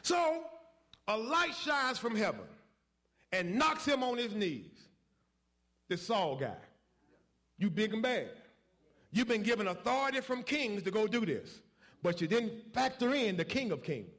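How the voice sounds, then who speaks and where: Brief: male preacher, high voice with a wide swing, folksy call-and-response delivery. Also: sing-song, unhurried, pauses often, fairly bright tone. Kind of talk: sermon.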